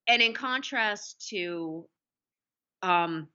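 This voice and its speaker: Woman, podcast co-host, casual film chat, animated, bright, lo-fi sound. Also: medium pitch, drawn-out words, clean tone. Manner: animated, acts out quotes from the film.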